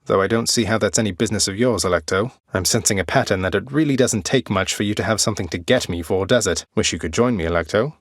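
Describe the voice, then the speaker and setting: A man's voice: fairly low pitch, fast, hardly any pauses, dry recording, close to an everyday voice. A man voicing a wry, polite young prince of the underworld, in video game voice lines. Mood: teasing. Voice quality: dry, wry and teasing. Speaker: game character.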